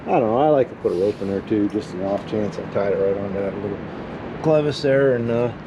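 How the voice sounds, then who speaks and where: A man's voice: lowish voice, brisk, lo-fi sound, background noise. A man vlogging his house restoration, narrating casually and wryly to viewers while he digs and works outdoors. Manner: folksy, wry and self-deprecating, talks to viewers mid-task. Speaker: DIY home restoration vlogger. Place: outdoors at a house and well house, digging.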